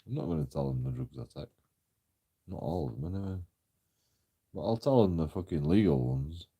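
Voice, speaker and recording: A man's voice: deep voice, very animated, a little fast, gravelly, dark tone, slightly rough. A man telling a story in a casual vlog, rambling and mocking, swearing freely and chuckling often. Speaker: channel host.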